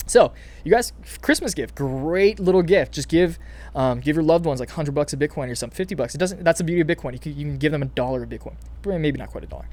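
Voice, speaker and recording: A young man talks through crypto market moves in casual commentary. His voice sits a little high and stays keyed up, and he often restarts his sentences and keeps addressing viewers as "you guys". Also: fast. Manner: excited, hyped, many fillers and restarts, calls viewers "you guys". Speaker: crypto channel host.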